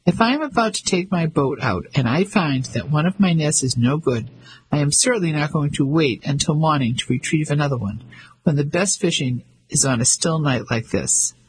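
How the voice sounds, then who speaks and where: Male reader as a teasing, self-assured fisherman; husky, slightly high. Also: expressive, normal speed, poor audio. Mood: mocking. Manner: mocking, confident.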